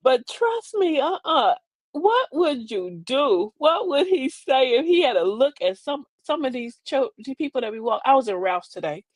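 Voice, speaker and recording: An older woman spins comic stories to her viewers, full of sassy asides and laughter. Her voice sits a little high and swoops all over. The sound is close and dry. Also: moderate pace, no echo. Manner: animated, laughing, sassy Southern-style asides. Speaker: host. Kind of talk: comic storytelling monologue.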